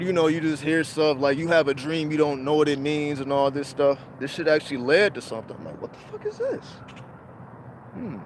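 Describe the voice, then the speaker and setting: A man's voice: fairly high pitch, a little hiss or hum. A man hosting a livestream, telling a personal spiritual story in casual, profane street slang. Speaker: livestream host.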